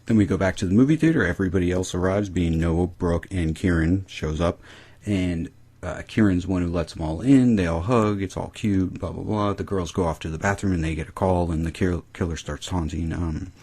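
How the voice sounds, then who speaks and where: A man's voice: deep voice, brisk, darkish tone, breathy edge. A man casually recapping a TV episode, rambling and swearing freely. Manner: rambling, profane.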